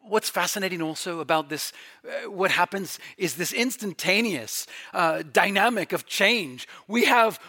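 A middle-aged man preaching a sermon, swinging from quiet, reflective passages to emphatic, near-shouted peaks. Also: sits high, animated, measured pace. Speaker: pastor.

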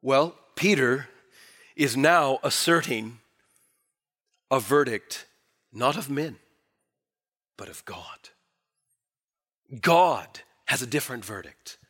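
A male pastor preaching a sermon, swinging from emphatic declarations to hushed, low asides. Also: expressive, slow pace, pauses often.

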